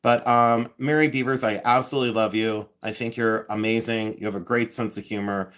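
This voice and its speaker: A man in his fifties chats loosely on a livestream, trading jokes with his viewers and poking fun at himself. His pitch sits in an ordinary middle range and his delivery is playful and offhand. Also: level tone, fairly quick, a bit bright. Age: 50s. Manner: playful, self-mocking, teasing viewers by name; hums and scats tunes. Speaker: livestream host. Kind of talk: casual live chat.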